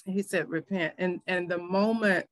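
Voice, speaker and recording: A woman's voice: on the low side, fairly even intonation, unhurried, a bit bright, no room sound. A middle-aged woman pastor, telling her faith story in an earnest, emotional way. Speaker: pastor and minister. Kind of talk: testimony in a faith interview.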